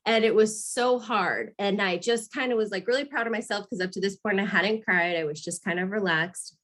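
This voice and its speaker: A woman's voice: mid-range voice, a little fast, hardly any pauses, a bit bright. A woman in her thirties from Arizona, candidly telling a personal story in an interview, laughing now and then and acting out what people said. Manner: candid, laughs often, acts out quoted voices. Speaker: guest mother.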